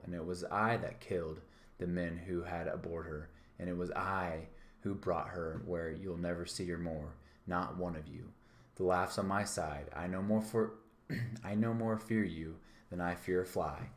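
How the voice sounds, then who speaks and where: A man voicing a defiant excited cabin boy. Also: low-pitched, natural voice. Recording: echoey room.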